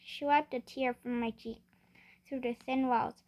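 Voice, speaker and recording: A woman's voice: high-pitched, fairly even intonation, a little slow, darkish tone. Woman reading a novel aloud. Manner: first-person narration with frequent restarts. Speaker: reader.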